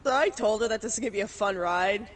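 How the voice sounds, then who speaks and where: A woman's voice: medium pitch, quick pace, slight background noise. A woman with a Canadian accent, a streamer casually telling a story, laughing often and swearing freely.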